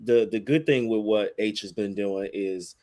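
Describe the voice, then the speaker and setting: Male co-host, relaxed and easygoing, casual podcast banter. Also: fairly low pitch, normal speed. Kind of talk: casual wrestling podcast chat.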